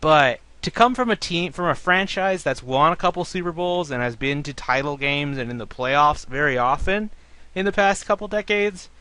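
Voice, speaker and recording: A man's voice: fairly high pitch, normal speed, clean tone, no room sound. A man hosting a casual sports talk show, ranting about fans with plenty of swearing. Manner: ranting, profane, animated. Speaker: podcast host.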